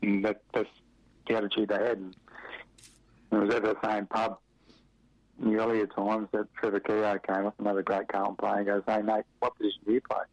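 In this lo-fi radio interview, which sounds dry and dull with no room sound, a middle-aged Western Australian man casually recounts his football days. He speaks at a normal speed in a fairly low monotone, leaving long pauses and filling the rambling talk with chuckles and fillers.

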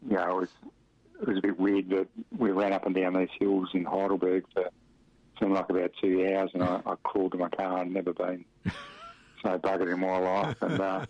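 In a relaxed interview, a middle-aged Australian man who once played football in Western Australia spins rambling anecdotes full of chuckles and fillers. His voice is low, and the radio recording sounds muffled and dry, with no room sound.

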